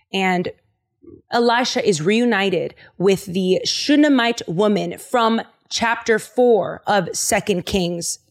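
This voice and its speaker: Brief: woman podcast host, casual and animated, slangy storyteller. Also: medium pitch. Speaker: podcast host retelling Bible stories. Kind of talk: casual chat.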